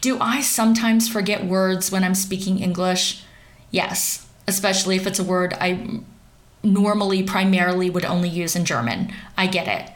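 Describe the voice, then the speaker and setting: A woman's voice: fairly low pitch, normal speed. A young woman from central Pennsylvania giving sarcastic, wry commentary on celebrity gossip.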